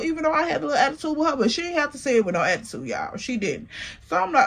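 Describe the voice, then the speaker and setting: A woman telling a casual storytime, animated and slangy, talking straight to the viewer. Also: high-pitched, quick pace. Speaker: storytime vlogger.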